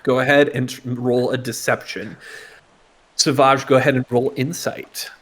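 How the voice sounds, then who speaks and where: A man running a tabletop game as game master, narrating slowly with frequent pauses and fillers. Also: mid-range voice, little pitch movement. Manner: slow, halting narration with fillers.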